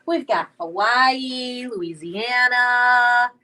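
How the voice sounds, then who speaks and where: A woman's voice: fairly high pitch, extremely slow, bright, forceful tone, recorded from a distance. A woman hosting a children's storytime, wrapping up in a chatty, enthusiastic way. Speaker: storytime host. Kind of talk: casual wrap-up for children. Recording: voice from off the mic.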